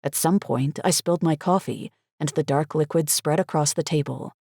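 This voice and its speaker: A woman with a low voice narrates a first-person thriller at a measured, steady pace. The sound is close and dry, with no room echo. Her delivery stays controlled and even. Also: vocal fry. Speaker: audiobook narrator.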